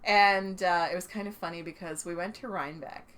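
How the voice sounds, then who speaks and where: Her voice lowish, steady and a bit bright, this Canadian podcast co-host talks fairly quickly. In casual chat she tells stories, laughs often, and acts out what people said.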